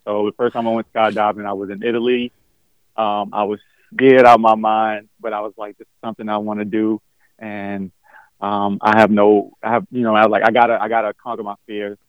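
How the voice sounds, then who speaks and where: A man's voice: on the low side, no echo. Man guest, rambling storyteller with lots of ums, dry dull mic. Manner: rambling, many fillers and restarts. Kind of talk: casual storytelling.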